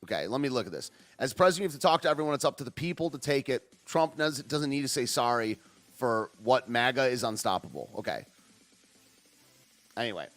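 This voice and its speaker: A man hosting a podcast, chatting in an excitable, rambling way, dropping 'dude' and 'man' and laughing often. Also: mid-range voice, a little fast, soft background music. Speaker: podcast host. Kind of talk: casual live-stream commentary.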